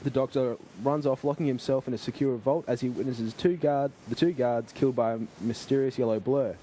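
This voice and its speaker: Male podcast host, mellow tone, casual plot recap with faint noise. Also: mid-range voice. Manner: recapping plot, halting restarts. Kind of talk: casual chat and episode recap.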